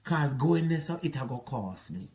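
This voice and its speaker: A Jamaican man delivers a long rambling monologue, scolding someone who is not there. He circles back to the same points again and again in a mid-pitched voice. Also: expressive, moderate pace, a little mellow. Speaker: relationship advice vlogger. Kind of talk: ranting monologue to an ex.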